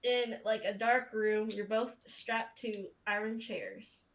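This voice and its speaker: A woman's voice: a little high, flat delivery, takes it slowly, fairly bright tone. A woman running a tabletop game as game master, narrating casually, rambling and laughing often, and swearing.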